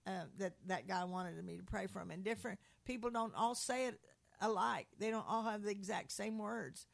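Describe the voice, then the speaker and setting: Gravelly earnest lay preacher. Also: mid-range voice, dry recording. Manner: earnest, repeats and restarts words, quotes scripture. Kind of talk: informal preaching.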